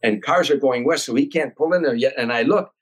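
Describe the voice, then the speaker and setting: An older man from Chicago, a comedian telling a long anecdote as a podcast guest, animated and acting out voices and sounds. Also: mid-range voice, a little fast, breathy edge, low-quality recording. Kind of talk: storytelling anecdote.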